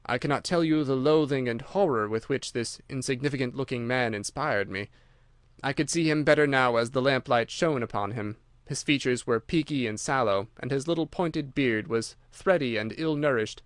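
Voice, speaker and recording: A man reading an audiobook in a measured, steady storytelling voice. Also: medium pitch, no echo, studio quality. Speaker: audiobook narrator. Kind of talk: scripted narration.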